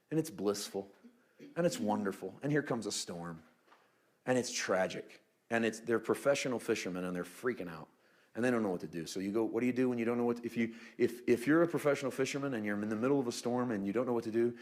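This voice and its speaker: A male pastor delivering a conversational sermon, mixing humorous asides with sudden quiet, hushed moments. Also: medium pitch. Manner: conversational preaching with humorous asides and dramatic drops to a hush.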